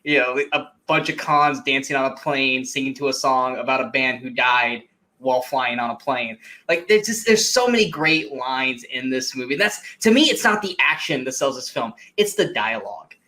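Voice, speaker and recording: Bright, excitable male movie fan. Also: mid-range voice, moderate pace. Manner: enthusiastic, laughs often, quotes lines in bursts. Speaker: podcast co-host. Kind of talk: casual movie chat.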